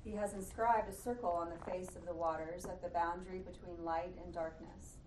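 A woman in a Bible class reading scripture aloud in a steady, even voice. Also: fairly low pitch, a little fast. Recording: echoey room, far from the mic, faint hum.

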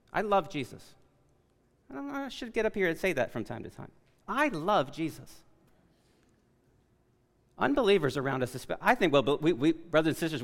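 A man preaching a sermon as pastor, loud and emphatic, often correcting himself mid-sentence. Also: medium pitch, gravelly. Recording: long reverb of a large hall.

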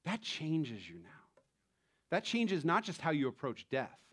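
A male pastor, perhaps in his thirties, preaching in a loose, conversational style. His voice sits a little on the high side, and he tells stories with easy chuckles. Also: a little slow, breathy edge. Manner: conversational, animated storytelling with laughs. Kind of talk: sermon.

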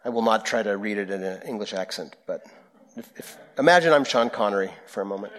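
A pastor preaching a sermon, speaking in an earnest, prayerful way with slow, deliberate phrasing. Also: male voice, on the low side, a bit bright.

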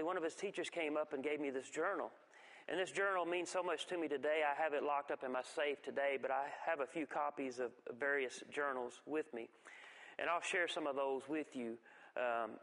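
A man giving a folksy church testimony, telling stories with halting restarts. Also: a little high, fairly bright tone. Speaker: guest speaker giving testimony. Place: church sanctuary. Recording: long reverb of a church hall.

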